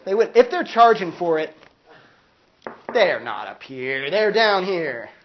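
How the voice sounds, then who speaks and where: A man's voice: high-pitched, big pitch swings, slow pace, dull audio. Man lecturing casually in a classroom. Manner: conversational, peppers speech with "like", acts out quoted voices. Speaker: philosophy lecturer. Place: university classroom.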